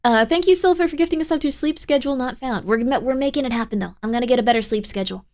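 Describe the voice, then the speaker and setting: A young woman with a slightly high voice talks casually to her stream from a home setup. She rambles in a bubbly way, leaning on "like" and little fillers as she answers chat and thanks viewers. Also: racing, a little mellow. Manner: bubbly and rambling, filler-heavy with frequent 'like'. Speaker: livestream host.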